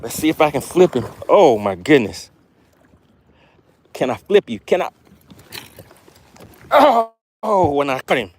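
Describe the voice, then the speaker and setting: An excitable man hosts a live fishing stream from a boat out on a windy lake. He talks straight to his viewers, repeating his phrases with eager energy. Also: fairly high pitch, a little slow, pauses often, husky.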